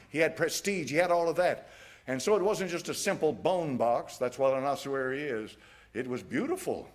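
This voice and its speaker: A man preaching a sermon in a folksy, emphatic way, chuckling at his own jabs. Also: mid-range voice. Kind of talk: fiery evening sermon.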